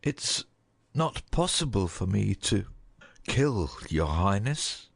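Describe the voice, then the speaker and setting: A man voicing a loyal huntsman torn between duty and mercy, in a slow, heavy, pleading delivery. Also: on the low side, big pitch swings, gravelly, husky, full character voice. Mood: worried.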